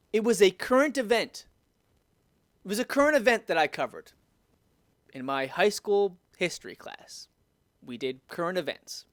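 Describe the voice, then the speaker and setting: A man's voice: high voice, fairly bright tone, no room sound. A man in his thirties delivers a heated political rant. He repeats points, restarts sentences and swears as his frustration builds. The recording is dry and close. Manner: heated, repetitive, restarts and swears when riled. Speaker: video commentator. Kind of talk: ranting political commentary.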